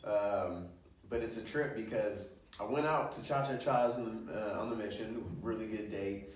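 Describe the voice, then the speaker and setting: Male stand-up, crude and animated, laughing through his stories, recorded from a distance in a very echoey room. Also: fairly low pitch, normal speed. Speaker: stand-up comedian. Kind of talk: stand-up storytelling. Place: comedy show room. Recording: roomy echo, distant mic.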